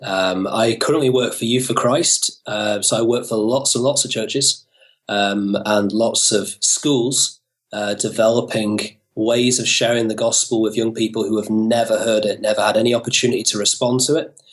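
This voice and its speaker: A man's voice: on the low side, fairly even intonation, moderate pace. A young British man from northern England, a guest on a podcast, talking in an upbeat way and laughing easily. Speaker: guest, youth worker. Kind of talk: casual podcast interview.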